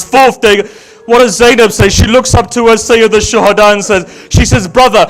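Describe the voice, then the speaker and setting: A man delivering an emotional religious sermon, telling a story dramatically with rhetorical questions to his audience. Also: high-pitched. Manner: dramatic storytelling, voice swinging from loud to hushed. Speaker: Shia religious speaker. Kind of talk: emotional majlis sermon narration.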